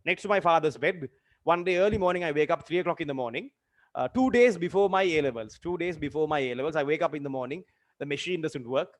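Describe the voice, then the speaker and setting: A young man in his twenties, a teacher telling a personal story in a lesson, earnest and halting with many fillers and repeated phrases. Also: a little high. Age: 20s. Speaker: literature teacher.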